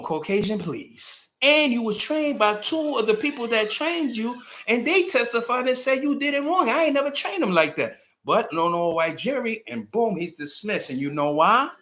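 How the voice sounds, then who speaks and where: A man giving a blunt, animated commentary monologue, emphatic and profane, at times rising to shouts. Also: on the high side. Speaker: host.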